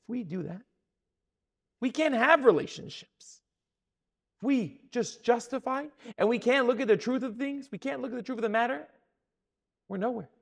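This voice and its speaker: A man giving an animated Torah sermon. He acts out the people he quotes and often restarts his words. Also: very high-pitched, moderate pace, vocal fry, long pauses. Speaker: Torah teacher.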